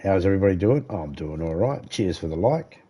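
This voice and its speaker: A man's voice: low voice, lively intonation, brisk, mellow, breathy edge. An Australian man chatting casually while streaming a game live, rambling easily and greeting viewers by name.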